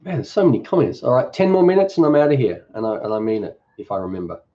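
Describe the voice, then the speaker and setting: A man's voice: medium pitch, very animated, fast talker, lo-fi sound. A man hosting a cooking channel's live Q&A. He reads viewer comments aloud and answers them in an easygoing, off-the-cuff way. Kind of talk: casual live-stream Q&A.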